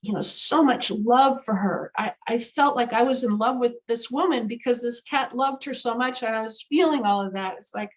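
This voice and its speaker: Brief: woman guest, animal communicator, fairly high voice, emphatic lively storyteller. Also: moderate pace, few pauses, rough recording. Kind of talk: storytelling in an interview.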